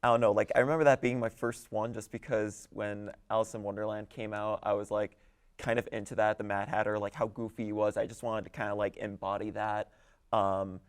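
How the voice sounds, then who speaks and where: A man's voice: lowish voice, level tone, a little fast, clear, resonant tone. A young man telling casual stories with a hesitant, filler-heavy way of talking. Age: young adult. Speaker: student panelist. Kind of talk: casual storytelling.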